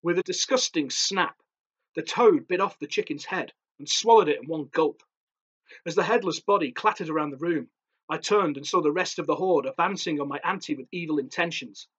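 A man, an author, reading his own horror story aloud in a measured, darkly theatrical way. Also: a little high, a bit bright, husky, muffled recording.

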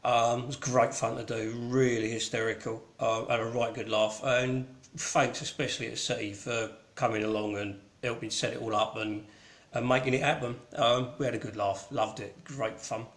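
A man's voice: mid-range voice, steady tone, moderate pace, a bit bright, echoey room. A man with a Cockney accent hosting an online gallery show in casual, rambling, irreverent chat full of ums. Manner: rambling and irreverent, with many ums and mild swearing. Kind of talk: casual live-stream chat.

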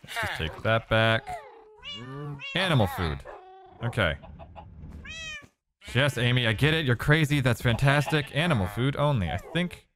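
A man's voice: mid-range voice, measured pace, long pauses, background noise. A man giving casual gameplay commentary, talking to himself and exclaiming as he plays. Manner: animated, exclaiming, talks to himself. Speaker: let's play gamer.

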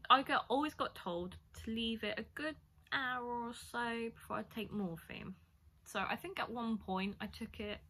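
A woman's voice: mid-range voice, sharp tone, a little hiss or hum. A young woman, casually telling a story-time vlog, chatty and rambling with lots of fillers. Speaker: vlogger.

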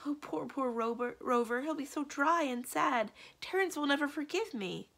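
A woman reading aloud and voicing a gentle, anxious young witch woman in a breathy, high voice. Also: lively intonation, normal speed, full character voice. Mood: distraught. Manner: breathy, hushed, then pleading.

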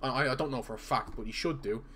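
A man streaming a football video game live, chatting casually with his viewers. He has a stutter and talks in a halting, filler-heavy way, repeating words. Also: medium pitch, pushed and bright. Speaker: gaming streamer. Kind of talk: casual live-stream chat while playing.

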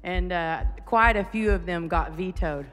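A woman's voice: lowish voice, unhurried, fairly bright tone. A young woman from the Texas panhandle with a Texas accent, chatting playfully on stage as an interview guest. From Texas panhandle, USA. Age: young adult. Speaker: guest, pastor's wife. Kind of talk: onstage interview. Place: large conference hall. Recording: live in a large hall with music.

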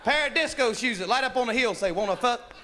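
Male stand-up comic, high voice, profane and rowdy, on a crackly live-club record. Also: expressive, fast, a loud crowd. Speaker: stand-up comedian. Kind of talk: crude stand-up comedy. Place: nightclub stage. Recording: live club audience, noisy vinyl.

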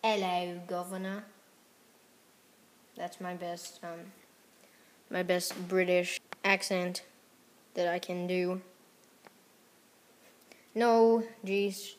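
A woman giving casual gameplay commentary as a YouTuber, mostly murmuring softly, then blurting out excited reactions. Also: on the low side, extremely slow, long pauses. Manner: soft mumbling with sudden excited outbursts. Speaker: gaming YouTuber.

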